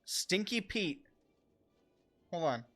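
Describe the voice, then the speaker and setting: A man streaming a video game, chatting casually in a rambling, excitable way with laughter and swearing. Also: high voice, very slow. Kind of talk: casual livestream gaming commentary.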